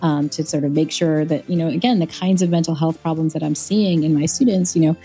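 A woman's voice: low voice, fairly even intonation, a little fast, dark tone, faint music behind. A woman cognitive scientist, a guest on an interview podcast, explaining research in an eager, conversational way. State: recovering from a knee injury.

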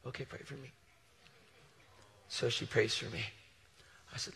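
A man preaching a passionate sermon, moving between loud declarations and hushed storytelling, recorded live in a large hall. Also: mid-range voice, flat delivery, unhurried, gravelly, pauses often, slight background noise. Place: large hall with long reverb.

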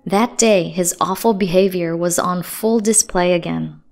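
A woman narrating a dramatic first-person story in a steady, earnest voice. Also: on the low side, unhurried, vocal fry. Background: faint music.

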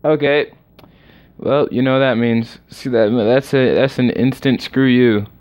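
A young man casually commenting on a game during a livestream, excitable and rambling as he reacts aloud. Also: mid-range voice, measured pace, smooth. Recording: slightly dull lo-fi recording.

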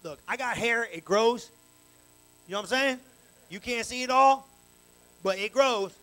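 A male pastor preaching a live evening sermon in church on a handheld mic, animated and colloquial with call-and-response. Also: very high-pitched, a little slow, poor audio. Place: church sanctuary, live service. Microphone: handheld microphone.

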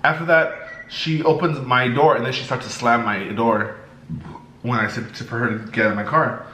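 A young man vlogging while eating, telling a story in a lively way and acting out the people in it. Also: mid-range voice, moderate pace. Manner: animated, acts out the people in his story. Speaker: mukbang vlogger. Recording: echoey room, faint background noise.

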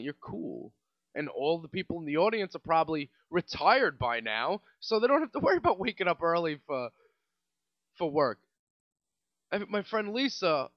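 New York man, young, solo podcast host; high, lively voice, rambling exasperated delivery, dry and slightly dull sound. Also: no room sound. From Staten Island, New York. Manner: rambling and exasperated, with many restarts. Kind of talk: casual solo podcast rant.

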